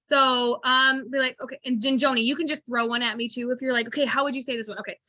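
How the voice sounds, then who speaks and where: Chatty bright-voiced woman coaching. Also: sits high, fast, no echo. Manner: animated, chatty, acts out phone scripts. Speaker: sales coach. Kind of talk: casual coaching on a video call.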